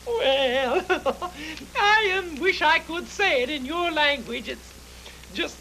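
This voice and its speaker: A man's voice: animated, slow pace, bright, forceful tone, slight background noise, heavily acted, rough recording. A man voicing a grand, theatrical lady octopus in a 1970s TV puppet show, gushing and tearfully effusive. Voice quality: high fluttery gushing voice.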